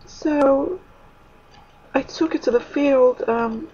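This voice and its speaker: A woman giving an emotional spiritual testimony, halting, with many pauses and fillers. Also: high voice, dark tone, lo-fi sound, a little hiss or hum. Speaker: spiritual speaker.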